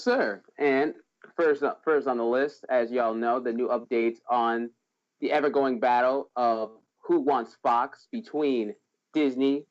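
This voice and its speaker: A man giving movie news updates on a podcast in a loose, informal way. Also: medium pitch. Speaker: podcast co-host reading news. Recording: dull lo-fi audio.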